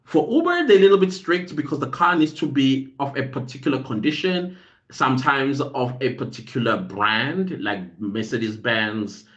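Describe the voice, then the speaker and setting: A man's voice: medium pitch, very animated, normal speed, a bit bright, dull audio. A man hosting a podcast, giving casual advice in a rambling way, often searching for words with ums and uhs. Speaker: podcast host.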